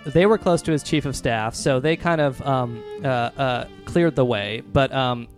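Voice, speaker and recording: A man co-hosting a casual podcast chat, pausing often with ums and uhs and laughing as he goes. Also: medium pitch, faint music behind. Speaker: podcast co-host.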